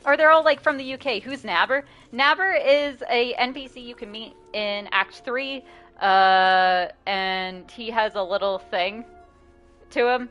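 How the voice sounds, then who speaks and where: A woman's voice: a little high, unhurried, a bit bright, muffled recording, faint music behind. A woman streaming a video game, talking casually with chat, swearing often and laughing between remarks.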